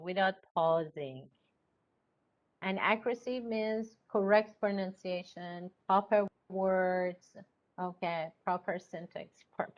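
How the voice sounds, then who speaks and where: Woman, teacher trainer, slow and methodical lecture delivery, keeps checking in with the class, muffled lo-fi sound. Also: medium pitch, a bit bright. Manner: explains step by step, checks in with "okay?". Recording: dull lo-fi recording.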